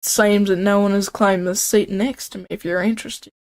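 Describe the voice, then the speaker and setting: A woman voicing an earnest old Southern gentleman chef in a put-on American Southern accent, slow and folksy. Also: mid-range voice, fairly even intonation, close to an everyday voice.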